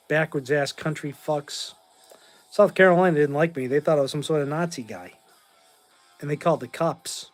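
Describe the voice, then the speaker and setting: A tired man in his forties from Massachusetts, hosting a casual livestream and talking bluntly and in rambling fashion as he answers chat. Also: a little high. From Massachusetts, USA. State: tired, short on sleep.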